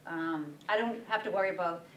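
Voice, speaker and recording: A woman's voice: fairly low pitch, a little fast, fairly bright tone, slight background noise. A woman who owns a bakery, speaking at a breakfast event and animatedly acting out quoted dialogue while telling stories. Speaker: bakery owner and guest speaker. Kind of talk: storytelling talk with audience questions. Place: meeting room at a breakfast event. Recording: roomy sound from a distance.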